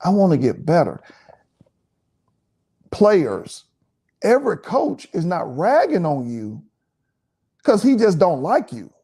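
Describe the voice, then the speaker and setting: Animated, preachy man co-hosting. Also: high voice, slow pace, long pauses, breathy edge. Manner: repetitive, preachy, emphatic. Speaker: pastor and co-host. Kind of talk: relaxed teaching chat.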